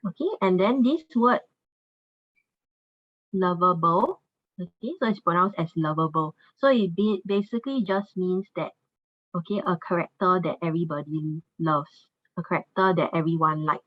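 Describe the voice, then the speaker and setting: Speaking a little fast in a fairly low voice, a woman runs an online English lesson on a video call. She's patient and encouraging and says "okay" a lot between phrases. The recording is dry, with dull, lo-fi video call sound.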